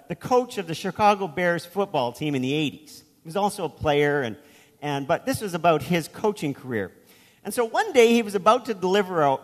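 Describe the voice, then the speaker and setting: A man's voice: sits high, long reverb tail. A man preaching a sermon as pastor, telling a story in a conversational way with asides.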